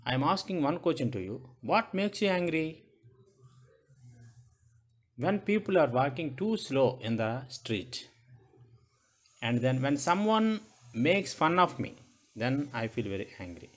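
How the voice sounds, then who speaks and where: Slow, lively-voiced Indian male teacher. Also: fairly high pitch. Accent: Indian English. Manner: asks many questions, repeats points. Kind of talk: classroom lesson to children.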